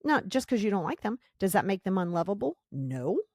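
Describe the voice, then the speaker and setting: A woman's voice: mid-range voice, sing-song, brisk, darkish tone, dry recording, studio quality. A woman hosting a podcast, giving a blunt, emphatic motivational monologue and repeating her key points. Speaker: podcast host.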